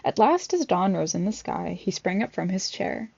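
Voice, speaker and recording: Gravelly woman reading a storybook aloud. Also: medium pitch, sing-song, normal speed, darkish tone. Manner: chatty asides with fillers. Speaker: vlogger reading a picture book. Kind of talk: casual read-aloud with commentary. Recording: dull lo-fi recording.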